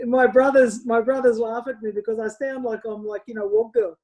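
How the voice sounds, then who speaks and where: A woman's voice: a little high, steady tone, a little fast, very noisy. An Australian woman co-hosting a wine show in casual, rambling chat, often correcting herself. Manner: chatty, rambling, self-correcting.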